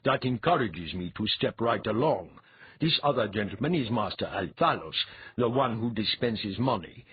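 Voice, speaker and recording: A man voicing a shrewd, grave male priest envoy, measured and wry. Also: fairly low pitch, lively intonation, narrow, tinny audio, a little hiss or hum, close to an everyday voice. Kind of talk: audiobook character voice.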